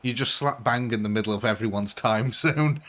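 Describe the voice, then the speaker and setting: A man's voice: mid-range voice, moderate pace, a bit bright. A man chatting casually while live-streaming a game late at night, chuckling often. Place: home at night.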